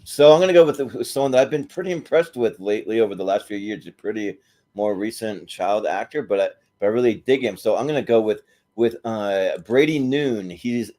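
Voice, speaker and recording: A man's voice: fairly low pitch, brisk, warm tone. A man speaking as a panelist in a casual chat, easygoing and enthusiastic.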